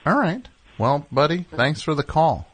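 A man's voice: fairly high pitch, a little slow, breathy edge, dry recording. A man hosting a call-in radio show, chatting loosely with callers in a rambling way full of fillers. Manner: relaxed, rambling, many fillers. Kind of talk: casual call-in chat.

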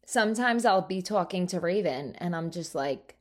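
A woman in her thirties, from New Jersey, hosting a solo podcast in a casual, animated and self-mocking way, with free swearing. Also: lowish voice, moderate pace. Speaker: podcast host.

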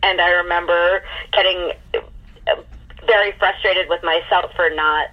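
Husky-voiced woman voice actress. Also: lowish voice, measured pace, lo-fi sound. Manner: animated, laughs often. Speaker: audiobook narrator and voice actress. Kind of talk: casual interview chat. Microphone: remote call.

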